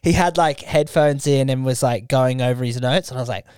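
A male comedian on a casual podcast, telling a story in a relaxed, low-key way. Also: fairly quick, clean tone, no echo, clean studio sound. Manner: relaxed, quiet storytelling with quoted asides. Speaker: stand-up comedian guest.

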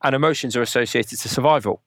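Fast-talking man explaining things. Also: mid-range voice, no echo. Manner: rapid, explanatory, lecturing with examples. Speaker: podcast guest. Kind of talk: conversational interview.

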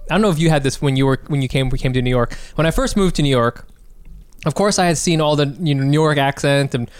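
A man hosting a comedy podcast, talking in an excitable casual way, laughing often and swearing freely. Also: fairly high pitch, fast talker, clean tone, no room sound. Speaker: podcast host.

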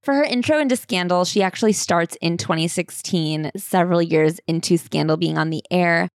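Gravelly low-voiced woman podcast host. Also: moderate pace, dry recording, clean studio sound. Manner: wry, reads memoir passages aloud. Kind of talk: casual book-club chat.

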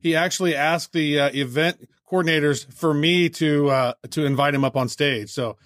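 Upbeat higher-voiced man co-hosting a podcast. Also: steady tone, fairly bright tone, no echo, clean studio sound. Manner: enthusiastic, fast, many fillers. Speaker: podcast co-host. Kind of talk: casual podcast chat.

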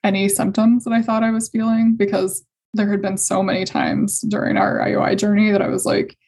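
A young adult woman telling a personal story in conversation, hesitant and emotional, with many fillers and soft laughs. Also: mid-range voice, flat delivery, a little fast, gravelly, breathy edge. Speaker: guest sharing fertility story.

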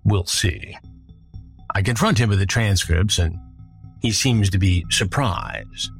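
A man hosting a podcast, retelling a story in a measured, dramatic way. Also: sits low, gravelly, slightly rough, faint music behind. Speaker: podcast host. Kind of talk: storytelling narration.

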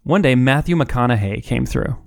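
A man's voice: mid-range voice, lively intonation, normal speed, creaky, dry recording, clean studio sound. Laughing man telling stories. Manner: laughs often, tells stories with playful asides. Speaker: podcast co-host. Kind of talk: casual chat.

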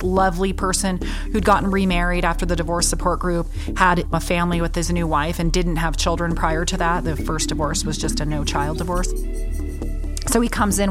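A middle-aged woman attorney telling courtroom stories in an interview, blunt and animated, swearing freely and acting out the people she quotes. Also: lowish voice. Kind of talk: storytelling in a podcast interview. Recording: music bed under the voice.

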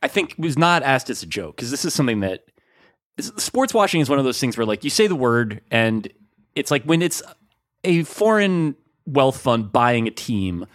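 Male podcast co-host, mid-pitched, rambling, lively, dry close sound. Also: moderate pace, no echo. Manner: rambling, animated, many fillers. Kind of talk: casual chat.

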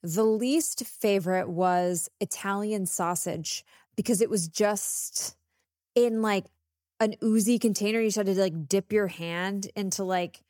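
A young woman co-hosting a podcast in casual chat, animated, emphatic and quick to laugh. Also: medium pitch, no echo, studio quality. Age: young adult. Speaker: podcast co-host.

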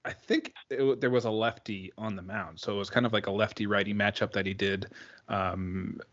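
A man's voice: on the low side, steady tone, fairly bright tone. Guy co-hosting a baseball podcast, keeps restarting his sentences, kinda dull lo-fi audio. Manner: halting, many restarts and repeated words. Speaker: podcast co-host. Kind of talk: casual chat.

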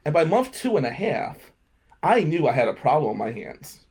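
A man's voice: fairly high pitch, big pitch swings, normal speed, darkish tone, breathy edge. A man, hosting a radio talk show and telling self-mocking stories in a casual comedic monologue. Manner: self-mocking storytelling, laughing at his own jokes. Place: radio studio.

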